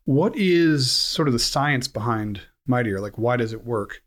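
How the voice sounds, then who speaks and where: Relaxed man hosting an interview. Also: mid-range voice, a little slow. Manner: relaxed, hesitant, many fillers. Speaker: podcast host. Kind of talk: casual interview. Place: home during lockdown.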